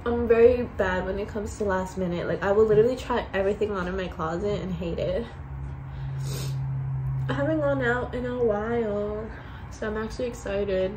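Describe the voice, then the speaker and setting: Against a noisy background, a young woman speaks at a moderate pace in a mid-range voice, filming herself getting ready at a vanity at home. It's a relaxed get-ready-with-me vlog, candid and rambling, with the odd curse word.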